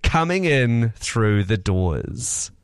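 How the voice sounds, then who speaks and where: A man's voice: medium pitch, big pitch swings, drawn-out words. A man with a New Zealand accent co-hosting radio, easygoing as he reads listener texts. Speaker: radio co-host. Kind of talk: breakfast radio banter.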